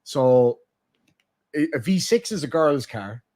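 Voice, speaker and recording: A young man hosting a casual chat, explaining slang in a profane, animated way. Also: medium pitch, slow. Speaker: streamer host.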